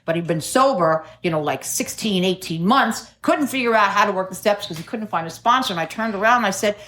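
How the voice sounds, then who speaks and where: A woman's voice: medium pitch, expressive, fairly quick, fairly bright tone. Wry New woman sharing. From New York City. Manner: wry, self-mocking storyteller, laughs often. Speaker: AA speaker. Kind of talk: recovery meeting share.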